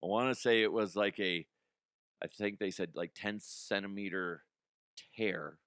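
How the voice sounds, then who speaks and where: A man's voice: fairly low pitch, steady tone, unhurried, a bit bright, clear, resonant tone, no echo. Young guy ranting on his comedy news podcast, swears a lot, cracks himself up, dry close mic. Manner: profane, laughing, mocking put-on voices. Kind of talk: casual comedic rant.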